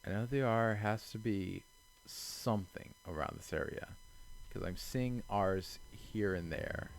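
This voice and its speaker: A young man giving casual let's-play commentary, exasperated and self-mocking, swinging between quiet mutters and loud outbursts. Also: fairly low pitch, measured pace, gravelly, slight background noise. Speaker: gaming channel host.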